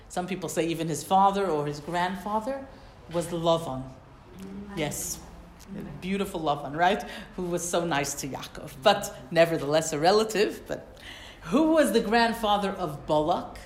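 Female Torah teacher, animated, quoting and translating verses, echoey room. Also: fairly low pitch, normal speed, slight background noise. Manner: animated, quotes Hebrew verses then translates.

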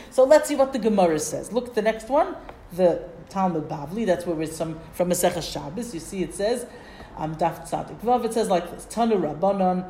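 A woman's voice: medium pitch, animated, moderate pace, warm tone, slight background noise. A woman teaching a Torah study class, reading Hebrew and Aramaic phrases and translating them, with a lilt and patient questions to her students.

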